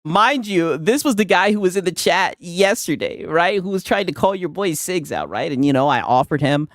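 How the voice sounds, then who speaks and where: A man's voice: high voice, animated, normal speed, a bit bright, no room sound, clean studio sound. A man hosting a stream, trash-talking and laughing, constantly ending sentences with "right?". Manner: mocking, laughing, tags lines with "right?". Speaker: stream host. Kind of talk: casual trash-talk commentary.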